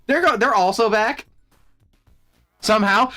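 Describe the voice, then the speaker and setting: A man streaming and chatting casually, in an animated, exasperated way with plenty of swearing. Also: sits high, unhurried, soft background music. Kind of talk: casual chat.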